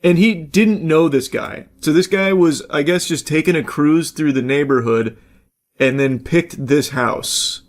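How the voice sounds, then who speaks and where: A man's voice: on the high side, measured pace. Blunt casual male reaction commentator. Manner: blunt, casual, with frequent fillers.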